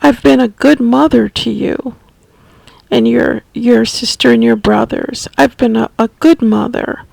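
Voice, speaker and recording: A woman's voice: on the high side, steady tone, unhurried, vocal fry, a little mellow, no echo, exaggerated voice, poor audio. A woman voicing her elderly mother with dementia, pleading and insistent in a wounded tone. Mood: hurt pleading. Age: older.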